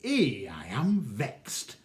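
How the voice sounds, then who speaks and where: A man's voice: high-pitched, huge pitch swings, slow pace, pitched above the performer's own voice, heavily acted. A man voicing a put-upon, thrifty northern father with a northern English accent, grumbling his complaints. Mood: aggrieved. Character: aggrieved, thrifty northern working-class father.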